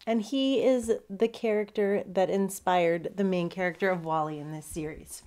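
A woman who is a children's author, reading her chapter book aloud as an expressive storyteller. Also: mid-range voice, normal speed.

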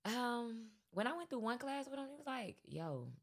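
This guest rapper's voice sits on the high side, and she speaks at a normal speed. Chatting casually on a podcast, she stays loose and wanders through her points, packing in lots of filler words.

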